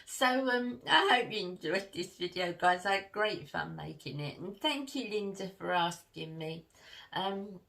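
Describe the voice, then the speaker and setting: Animated woman telling a story. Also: lowish voice, measured pace, vocal fry. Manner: animated, laughs through her story, warm asides to viewers. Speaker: beauty vlogger. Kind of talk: chatty storytelling to camera.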